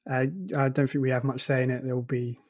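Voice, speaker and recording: A man with an Essex accent co-hosting a tech podcast, relaxed and chatty. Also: mid-range voice, quick pace. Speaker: podcast co-host. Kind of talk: casual tech discussion.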